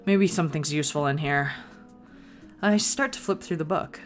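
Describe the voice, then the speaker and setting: A woman's voice: low-pitched, moderate pace, faint music behind. A woman reading a visual novel aloud in the first person, with playful asides of her own. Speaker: gaming video creator.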